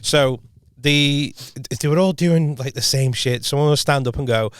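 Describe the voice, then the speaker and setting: A man's voice: medium pitch, moderate pace, hardly any pauses, smooth, no room sound. Young man, casual podcast storytelling, rambling, dry close mic. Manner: rambling, many restarts, acts out quoted voices. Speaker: podcast co-host.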